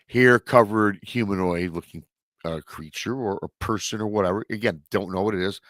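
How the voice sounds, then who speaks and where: A male host with a lowish, fairly bright voice tells a story on a live show in a casual, rambling way, full of restarts and stock filler phrases. There's no echo on the recording.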